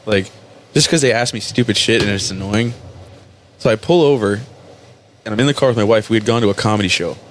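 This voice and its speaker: A man's voice: on the low side, a little fast, pauses often, slight background noise. Male podcast host, casual storyteller, swears a lot and voices every side of his stories. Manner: profane, animated, acts out both sides of his stories.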